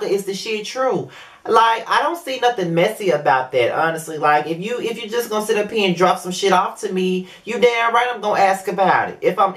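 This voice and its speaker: A young man with a fairly high, slightly bright voice hosts his own video show reviewing a reality series. He talks casually and animatedly, swearing plenty and tossing in filler asides.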